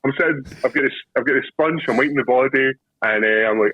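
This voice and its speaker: A man's voice: medium pitch, quick pace, slightly rough, dull audio. A Scottish man co-hosting a podcast, telling profane, rowdy stories and laughing as he goes. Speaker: podcast co-host. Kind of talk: casual chat.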